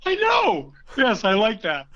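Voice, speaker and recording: Animated male storyteller, bright lo-fi sound. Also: extremely high pitch, measured pace. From from an Irish blue-collar family. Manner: animated storyteller, bursts into loud character voices. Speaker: actor guest. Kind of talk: conversational interview storytelling.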